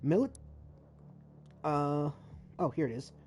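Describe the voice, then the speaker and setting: A streamer giving live let's-play commentary, playful and profane, breaking into loud outbursts while reading game text and reacting to the action. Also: mid-range voice, animated, slow, a little hiss or hum. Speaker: streamer playing a video game. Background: game music and sound effects.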